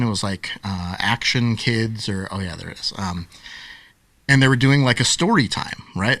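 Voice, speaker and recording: Animated man telling a story. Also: mid-range voice, dry recording. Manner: animated storyteller who acts out quotes and laughs often. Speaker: podcast guest, author and speaker. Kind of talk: storytelling in a casual interview.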